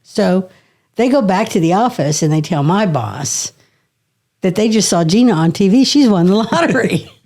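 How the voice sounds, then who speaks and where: A woman's voice: medium pitch, normal speed. Middle-aged woman telling a story with laughs. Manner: lively anecdotal storyteller, laughing often and swearing. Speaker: podcast guest. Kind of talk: casual storytelling.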